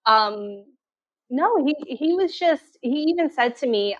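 A woman's voice: medium pitch, moderate pace, a bit bright, no echo. Woman from Canada, candid storytelling. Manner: candid storytelling, many fillers. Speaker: guest, teacher. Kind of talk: casual interview. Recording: dull lo-fi sound.

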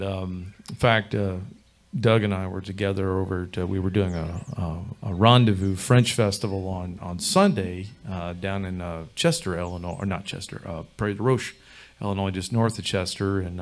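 A man with a somewhat low voice and a Midwestern American accent talks to a live audience between songs. He rambles in a folksy way, circling back with restarts and fillers. His voice is picked up through a stage microphone. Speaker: fiddler and bandleader.

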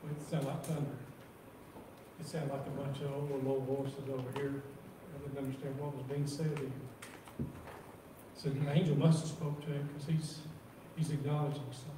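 Guy preaching, reads bible verses slow, sounds far off in a big echoey room. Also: medium pitch, little pitch movement. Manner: reads scripture slowly, repeats words. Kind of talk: sermon. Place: church sanctuary. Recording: roomy echo from far off, faint noise.

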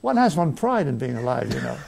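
A man's voice: medium pitch, big pitch swings, moderate pace, gravelly, darkish tone, a little hiss or hum. An older man telling rambling, self-mocking anecdotes as an interview guest. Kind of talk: conversational interview. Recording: archive broadcast.

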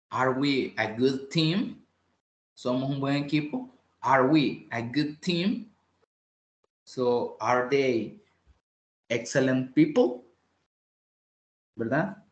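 A male English teacher who is a Spanish speaker, giving an online lesson. He repeats phrases patiently, switches between English and Spanish, and often clears his throat. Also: mid-range voice. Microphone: online class call. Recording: roomy echo.

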